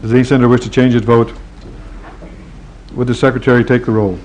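A man's voice: mid-range voice, flat delivery, darkish tone, slight background noise, rough recording. A man presiding over a legislative floor session, calling on senators and putting questions in set formal phrases. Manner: brisk, formulaic chair's wording.

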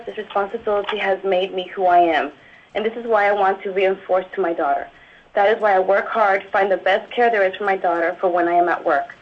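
A young woman from Alaska reads her prepared testimony in an earnest, steady voice. Her pitch sits in an ordinary middle range. The sound comes through a dull, muffled line. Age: young adult. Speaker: public testifier.

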